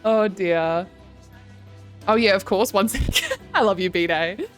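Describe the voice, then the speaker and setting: Casting: young woman streamer, chatty and giggly, mid-pitch, faint music underneath. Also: animated, slow, long pauses. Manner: chatty, giggly, reads chat aloud. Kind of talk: casual livestream chat. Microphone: desk microphone.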